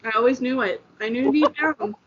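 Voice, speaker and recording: A woman's voice: high voice, moderate pace, husky, dull audio. A woman co-hosting a podcast in casual chat, teasing her co-host.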